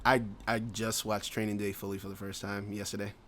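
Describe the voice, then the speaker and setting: A man's voice: fairly low pitch, flat delivery, fairly quick, a bit bright, a little hiss or hum. A man co-hosting a casual podcast, rambling with many fillers and frequent laughs. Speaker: podcast co-host. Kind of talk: casual chat.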